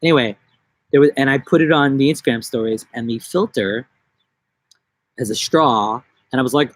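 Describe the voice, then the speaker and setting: A man from New York chats casually on a live stream, drifting from one joke to the next in a rambling, goofy way. His voice sits at a middling pitch for a man. The sound is close and dry, with no room echo. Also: moderate pace, pauses often. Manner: rambling, jokey, goofy tangents. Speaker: livestream host. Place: outdoors in a busy city.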